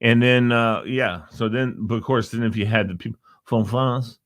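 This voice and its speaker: A man's voice: mid-range voice, moderate pace, dry recording, clean studio sound. A man hosting a casual talk show, rambling and joking and chuckling at his own asides. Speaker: host. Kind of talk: casual chat show monologue.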